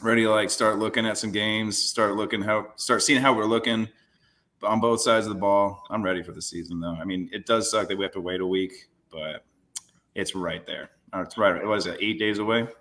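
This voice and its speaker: A man's voice: lowish voice, fairly even intonation, brisk, fairly bright tone. A man co-hosting a casual sports podcast, laid-back and jokey, over a video call. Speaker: podcast co-host.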